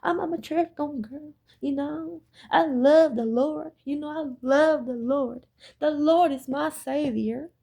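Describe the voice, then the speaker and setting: A woman's voice: high voice, takes it slowly, creaky, dark tone, pitched above the performer's own voice, exaggerated voice. A woman voicing a fake-pious church-going woman in a sweet, saccharine, mocking tone. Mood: sugary.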